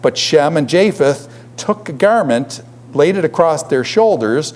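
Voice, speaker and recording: A middle-aged man lectures to a classroom, his voice sitting a touch high for a man. He keeps throwing questions out to the students as he goes, then answers them himself. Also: lively intonation, a little slow. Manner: poses frequent questions to the class. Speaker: teacher.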